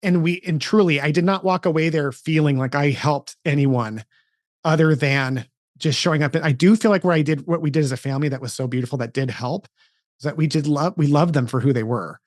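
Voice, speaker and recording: A man's voice: on the high side, fairly quick, dry recording, studio quality. A man in his forties hosting a podcast, telling a story in casual conversation with lots of restarts and asides. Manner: animated storytelling with frequent restarts. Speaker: podcast host.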